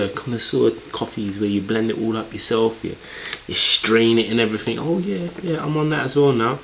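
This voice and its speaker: Laid-back London man hosting a video reaction; low, casual, chatty. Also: vocal fry, slight background noise, rough recording. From London, England. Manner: relaxed, chatty, colloquial.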